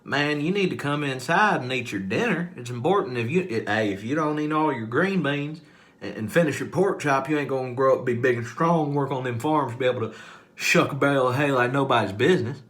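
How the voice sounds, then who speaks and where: A man's voice: medium pitch, fairly quick, a bit bright, voice pushed up, lightly acted. A man doing a folksy Southern elder. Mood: scolding. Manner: scolding, folksy. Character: stern rural Southern family elder.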